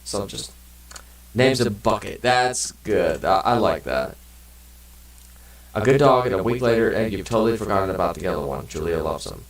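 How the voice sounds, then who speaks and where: Relaxed gamer man, roomy distant mic. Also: on the low side, normal speed. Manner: rambling, swears casually, many fillers. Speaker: let's play gamer. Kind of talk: casual gameplay commentary, reading game text aloud.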